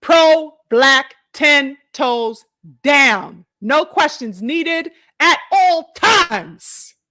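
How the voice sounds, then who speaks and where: A woman's voice: high-pitched, lively intonation, extremely slow, bright, forceful tone. A woman boxer in a heated, profane callout rant, mocking and boastful. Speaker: pro boxer answering a rival.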